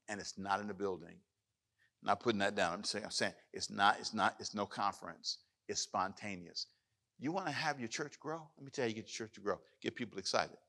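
Bright-voiced preaching pastor. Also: male voice, fairly low pitch. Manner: animated preaching, rising loud on scripture. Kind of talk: sermon with Q&A. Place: church hall with live audience.

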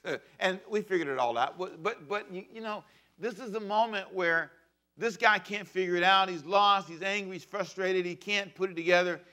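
A pastor in his fifties delivering a sermon with a bright, forceful tone. His voice sits a little high for a man, and he swings from loud, driving bursts down to quiet, hushed asides. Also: moderate pace. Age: 50s.

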